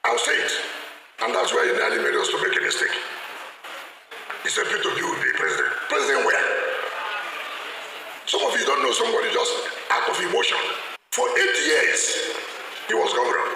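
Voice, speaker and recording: Gravelly guy mocking a rival in a speech, really echoey, far from the mic, some noise. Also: medium pitch, huge pitch swings, a little fast, pauses often. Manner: mocking, rhetorical. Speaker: politician. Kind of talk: public speech. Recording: roomy and distant with noise.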